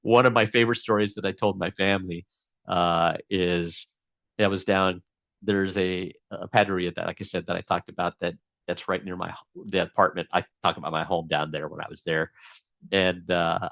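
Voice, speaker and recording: A man's voice: sits low, flat delivery, moderate pace, gravelly, a bit bright, dry recording, dull audio. A man being interviewed as a guest, telling a long story casually with many fillers and restarts.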